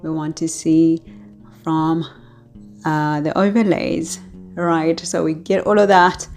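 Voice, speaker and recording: A woman astrologer chats to her viewers in an unhurried, drawn-out way, often laughing between thoughts. Her voice sits a little low, and faint music plays behind her. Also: level tone, darkish tone. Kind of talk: casual talk to camera.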